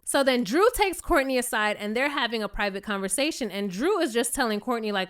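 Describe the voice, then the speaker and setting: A young woman recapping a reality show in a chatty, sassy way, acting out the cast's quotes in higher voices. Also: expressive, a little fast, few pauses. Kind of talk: casual recap commentary.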